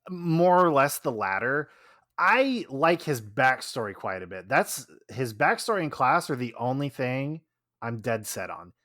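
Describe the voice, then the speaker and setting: A man guesting on a podcast, chatting casually about his game character, laughing often and trailing off quietly at the ends of thoughts. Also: medium pitch, sing-song, measured pace, no echo, clean studio sound.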